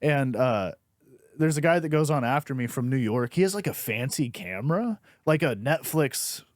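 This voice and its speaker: A young man, a stand-up comic, telling animated stories in casual podcast chat and swearing freely. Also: medium pitch, normal speed, no room sound, clean studio sound. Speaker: stand-up comedian and podcast host.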